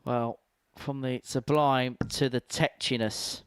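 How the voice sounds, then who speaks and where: A man commentating live on a darts match, his voice lifting sharply when the action excites him. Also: mid-range voice, slow, clean tone, no echo.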